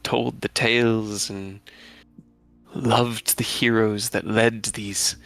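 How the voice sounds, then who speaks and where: A man voicing a gentle, bookish woman scholar in a tabletop game, speaking softly and haltingly, slipping into whispers. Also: fairly low pitch, flat delivery, creaky, faint music behind, heavily acted. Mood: sad, confiding. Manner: soft-spoken, halting, drifting into whispers.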